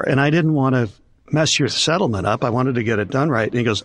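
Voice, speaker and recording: A man's voice: medium pitch, fast talker, dry recording. An older man, a concert promoter, telling stories in an interview and acting out the voices of people he quotes. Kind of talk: storytelling in an interview.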